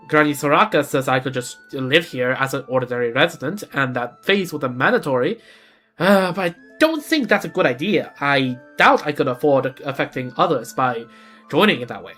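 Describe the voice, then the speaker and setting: A man's voice: medium pitch, pushed and bright. A man voicing a humble, earnest village carpenter in a video game, in a put-on Central European accent and stumbling now and then as he reads. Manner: reading dialogue aloud with stumbles and restarts.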